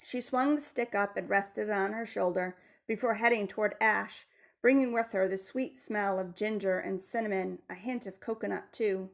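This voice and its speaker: A woman narrating a children's novel in a steady, measured storytelling voice. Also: mid-range voice, gravelly. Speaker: audiobook narrator.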